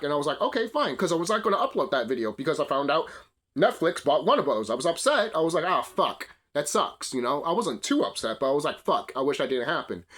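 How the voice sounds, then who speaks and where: A man's voice: fairly high pitch, fairly bright tone. A young man hosting his channel, delivering a heated, profane, rambling rant. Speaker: video channel host. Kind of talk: ranting commentary.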